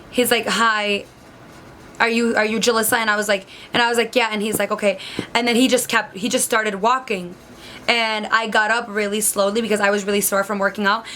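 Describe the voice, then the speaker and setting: A woman's voice: mid-range voice, a bit bright, slight background noise. A young woman vlogger telling a story in a chatty way, full of likes, acting out what others said. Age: young adult. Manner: chatty, many likes, acts out quotes. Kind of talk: storytime vlog.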